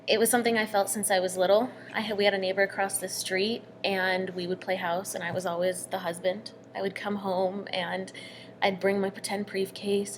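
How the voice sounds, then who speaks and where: A young adult woman casually telling a personal story, earnest, sometimes dropping to a hushed near-whisper. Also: mid-range voice, a little hiss or hum.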